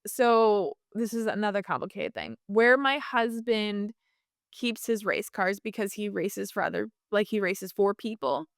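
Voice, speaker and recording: A woman guest telling a personal story in a casual interview, chatty and animated, with lots of fillers and restarts. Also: mid-range voice, measured pace, dry recording, studio quality.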